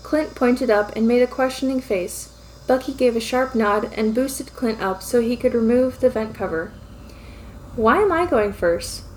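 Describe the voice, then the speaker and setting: Female fan fiction reader, fairly high voice, brisk and lightly amused. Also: steady tone, a little mellow, a little hiss or hum, poor audio. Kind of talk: scripted narration of fan fiction.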